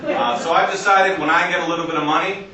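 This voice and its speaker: A man doing a deadpan stand-up comedy set in front of a live audience, acting out other voices. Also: fairly high pitch, quick pace. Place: comedy stage in an arts center, live audience. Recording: echoey venue recorded from a distance, noisy.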